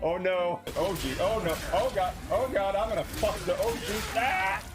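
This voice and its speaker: A man's voice: high voice, normal speed, music in the background. A man live-streaming a video game, drawling crude jokes at his chat and breaking into sudden yelps.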